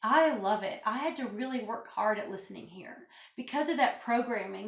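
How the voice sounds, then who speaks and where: Woman vlogger, fairly high voice, preachy and emphatic, phone mic in a roomy space. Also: lively intonation, moderate pace, vocal fry, hardly any pauses, fairly bright tone. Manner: emphatic, preachy, repeats phrases for stress. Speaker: spiritual vlogger. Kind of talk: casual vlog monologue.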